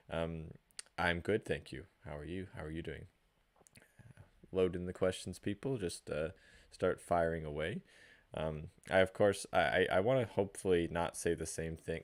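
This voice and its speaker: A man hosting a live question-and-answer stream, chatting casually, greeting viewers by name, halting with fillers and restarts. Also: rumbling low. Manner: reads out viewer names and greets them.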